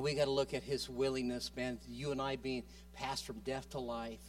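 Impassioned preacher man, higher voice. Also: recorded from a distance. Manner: impassioned, swings between loud exhortation and soft quiet passages; repeats words and restarts often. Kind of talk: sermon.

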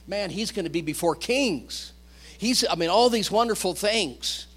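A middle-aged male pastor preaching a sermon, animated, swinging between loud bursts and quiet asides. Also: a little high, normal speed. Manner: animated preaching, rising and dropping loudness.

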